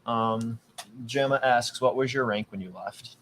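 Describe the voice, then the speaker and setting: A casual male host with a middle-pitched voice who asks relaxed questions and chimes in with short, upbeat reactions. A faint hiss sits under the recording. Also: unhurried. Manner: brief, encouraging reactions. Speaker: host, interviewer. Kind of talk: casual interview.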